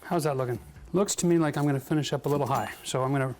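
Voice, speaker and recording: A man's voice: mid-range voice, rapid-fire, background noise. A man hosting a casual do-it-yourself renovation video, talking through each step in a chatty, self-mocking way and laughing at his own slip-ups. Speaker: DIY renovation host. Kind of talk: casual how-to narration. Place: bathroom under renovation.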